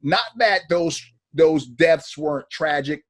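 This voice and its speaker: A man's voice: a little high, slow. A middle-aged man in a casual discussion, telling stories in an earnest, reflective way. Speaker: discussion panelist.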